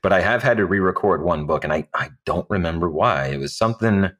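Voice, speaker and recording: A man's voice: low voice, a little fast, fairly bright tone. A man who narrates audiobooks, chatting casually on a panel and often stopping to repeat words as he recalls things.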